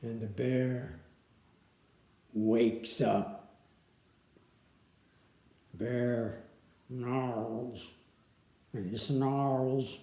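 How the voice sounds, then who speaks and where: A woman reading a picture book aloud in an expressive, sing-song way. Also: very deep voice, extremely slow, pauses often. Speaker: storyteller. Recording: echoey room.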